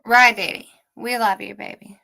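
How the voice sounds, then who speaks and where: A woman's voice: on the high side, fairly even intonation, normal speed, gravelly, sharp tone. A woman co-hosting a casual livestream chat, ranting heatedly and swearing constantly.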